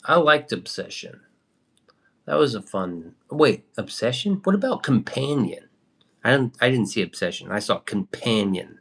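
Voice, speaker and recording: A man's voice: medium pitch, lively intonation, a little slow, vocal fry, a bit bright. A young man chatting loosely on a livestream, swearing now and then and answering viewer comments. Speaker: livestream host. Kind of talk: casual livestream chat.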